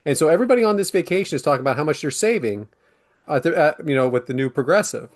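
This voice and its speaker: A man's voice: on the high side, lively intonation, very fast. A man hosting a podcast, leading segments in an upbeat, casual way and laughing often. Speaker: podcast host. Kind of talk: casual chat.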